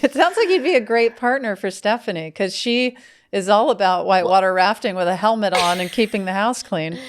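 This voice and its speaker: A middle-aged woman from Mississippi, a guest telling stories in a dry, unhurried, deadpan way. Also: mid-range voice, slight background noise. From Mississippi, USA. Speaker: podcast guest. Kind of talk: casual comedic chat.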